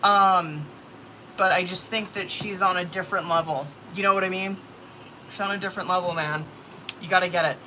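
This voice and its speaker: A woman's voice: on the low side, fairly even intonation, brisk, background noise. A woman doing a live-stream tarot reading, talking casually with lots of swearing and filler words, getting nervous as she pulls cards. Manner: casual, profane, filler-heavy, anxious reactions. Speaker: tarot reader.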